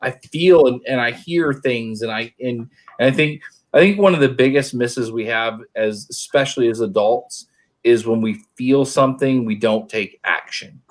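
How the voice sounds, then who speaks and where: A man's voice: medium pitch, normal speed. Rambling man telling a story. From Oklahoma, US. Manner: rambling storyteller, many restarts. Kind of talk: casual chat.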